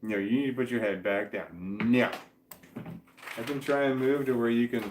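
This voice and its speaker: A man casually reading viewer comments aloud on a stream at home, halting, repeating words and stumbling over names as he goes. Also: mid-range voice, fairly even intonation, roomy sound, slight background noise. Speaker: vlogger reading chat comments. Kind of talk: casual livestream chat. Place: indoors at home with his dog. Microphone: webcam.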